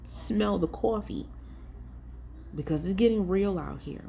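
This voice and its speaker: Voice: medium pitch, measured pace, creaky, warm tone, slight background noise. A ministry vlogger giving earnest, emphatic commentary and talking straight to viewers in a casual, pleading way. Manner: casual and direct, addressing viewers as y'all. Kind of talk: preachy vlog commentary.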